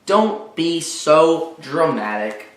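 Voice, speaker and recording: A man's voice: fairly high pitch, expressive, unhurried, fairly bright tone. A man voicing an exasperated mother who bosses and haggles over her son's toys. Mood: bossy, exasperated. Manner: bossy, haggling. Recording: roomy echo.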